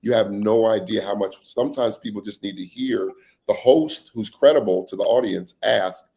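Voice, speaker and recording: Low gravelly man telling animated stories. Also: normal speed. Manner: animated storyteller acting out quoted voices. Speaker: app founder, panel guest. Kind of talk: casual panel conversation, storytelling. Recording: online live panel.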